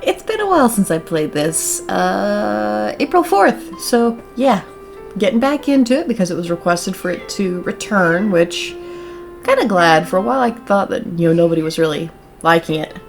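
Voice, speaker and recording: A woman's voice: medium pitch, very animated, moderate pace, vocal fry, faint music behind. A woman hosting a casual let's-play, chatting in a giggly, chatty way. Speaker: gaming channel host.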